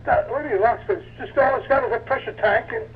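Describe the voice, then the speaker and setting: Phone caller, man, hesitant and stammering, high pitched, muffled line. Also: breathy edge. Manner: halting, stammering questions. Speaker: person on phone call.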